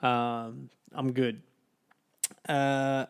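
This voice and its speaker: A man's voice: mid-range voice, fairly even intonation, normal speed, clear, resonant tone. A young Irish man hosting a podcast, chatting casually in a loose, rambling, profane way with many restarts. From Ireland. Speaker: podcast host. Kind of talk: casual solo podcast chat.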